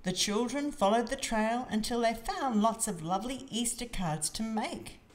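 A woman reading a children's storybook aloud in an expressive, sing-song manner. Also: on the high side, moderate pace, slight background noise.

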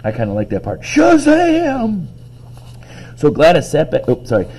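A man's voice: medium pitch, lively intonation, fast, creaky, dark tone, slightly rough, rough recording. A male teacher reading a book aloud to students, breaking in with chatty asides.

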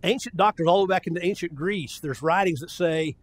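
A man's voice: sits high, brisk, dry recording. An older man preaching a sermon in a folksy, conversational way, often restarting his sentences.

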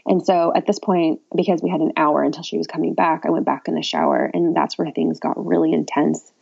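Gravelly, low-pitched woman telling her story. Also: lively intonation, brisk, a little mellow. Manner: candid, chatty, wry and self-mocking. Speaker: podcast guest. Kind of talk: casual birth story telling. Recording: dull lo-fi audio.

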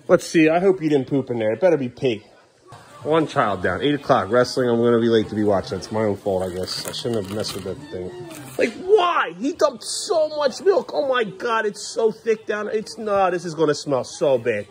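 A man filming a casual home vlog as a father, talking in an exasperated, rambling way and scolding his kids in the living room. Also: medium pitch.

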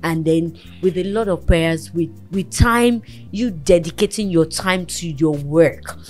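A woman's voice: on the low side, a little slow, darkish tone, soft background music. Earnest woman counselling. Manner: earnest, motherly, preaching encouragement. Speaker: talk show host. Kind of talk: counselling a guest on a talk show.

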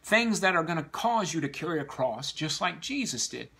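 A man's voice: a little high, very animated, moderate pace, creaky, pushed and bright, husky. A man preaching a sermon to a congregation, earnestly exhorting the listeners.

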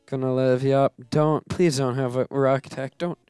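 A man's voice: mid-range voice, level tone, normal speed, darkish tone, clean tone, no echo, studio quality, soft background music. A man hosting a game let's play, giving casual commentary that turns into melodramatic grumbling and self-mocking rants.

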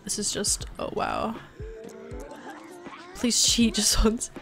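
A woman's voice: mid-range voice, huge pitch swings, slow, gravelly, music in the background. A young woman streaming a life-sim game, chatting casually and sounding exasperated as she pleads with her characters.

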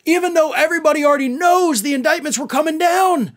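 High-voiced sarcastic male political commentator. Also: expressive, quick pace, few pauses. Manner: sarcastic, mocking, exasperated.

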